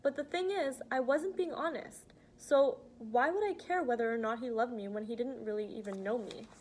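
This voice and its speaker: A woman reading aloud as an earnest, frank teenage girl who talks softly but insistently. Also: on the high side, moderate pace, lightly acted. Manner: earnest, pleading, soft-spoken. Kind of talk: audiobook reading.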